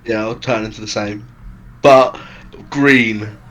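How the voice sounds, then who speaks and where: A man playing a tabletop game, joking excitably and swearing casually. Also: fairly low pitch, slow pace. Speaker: player.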